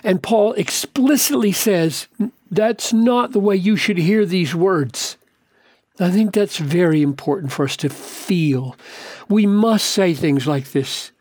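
An older man teaches through a scripture passage in a slow, deliberate way, pressing on key words with earnest weight. His voice sits a little high for a man. The sound is dry and close, with no room around it. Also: a little mellow, breathy edge, no echo. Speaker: pastor. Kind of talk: Bible teaching talk.

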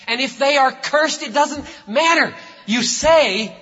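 Emphatic male pastor in an echoing hall. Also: extremely high pitch. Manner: emphatic, builds to loud slow declarations. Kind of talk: sermon. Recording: lo-fi recording in a reverberant hall.

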